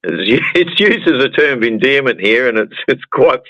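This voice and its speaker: A man's voice: medium pitch, animated, moderate pace, no room sound, highs cut off. A man with an Australian accent, a guest musician chatting casually in a rambling way and stumbling over repeated words on a video call. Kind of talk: casual chat.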